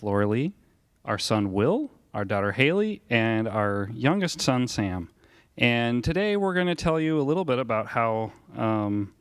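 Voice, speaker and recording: A young father speaks in a relaxed, halting way, with fillers between his thoughts. His voice is at a middle pitch. The recording is close and dry. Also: no room sound. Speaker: father introducing his family. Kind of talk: casual family testimony.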